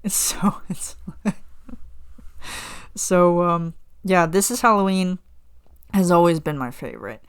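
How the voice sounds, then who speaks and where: A woman with a smooth, clear voice that sits a little low talks casually as a podcast host. She tells her story with lots of animation and acts out her own past reactions along the way. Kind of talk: casual chat.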